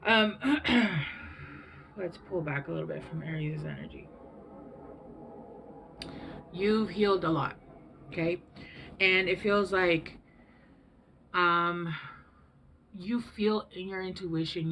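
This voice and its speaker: A woman's voice: on the low side, fairly even intonation, takes it slowly, long pauses, fairly bright tone, a little hiss or hum. A woman in her thirties giving a casual tarot reading to camera, emotional and rambling, often trailing off and restarting her sentences. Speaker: tarot reader.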